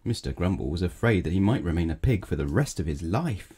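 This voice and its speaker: Low, mellow-voiced man reading a bedtime story. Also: expressive, fairly quick, breathy edge. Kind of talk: children's bedtime story read-aloud.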